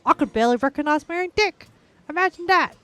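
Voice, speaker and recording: A woman putting on an overexcited pitchwoman's voice to read out a deck sealant advertisement with loud, emphatic infomercial delivery. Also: expressive, quick pace. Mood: hammy salesy.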